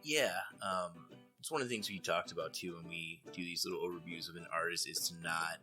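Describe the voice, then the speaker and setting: A man's voice: deep voice, a little fast, pushed and bright, faint music behind. A man who teaches art, co-hosting a podcast in easygoing chat, explaining ideas thoughtfully with plenty of fillers. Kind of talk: casual chat about art.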